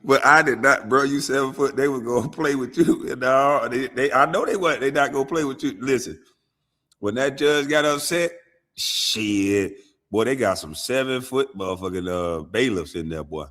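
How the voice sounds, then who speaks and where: A man hosting a show, talking in casual, animated and profane commentary. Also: medium pitch, moderate pace. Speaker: show host.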